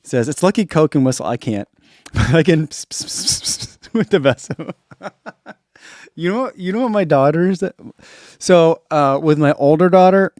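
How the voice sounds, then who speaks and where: A man's voice: on the high side, expressive, normal speed, long pauses, darkish tone, dry recording, clean studio sound. A middle-aged man, host of a running channel, chatting casually on a live stream, reading out viewer comments and chuckling often. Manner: laid-back, chuckles often, reads comments aloud.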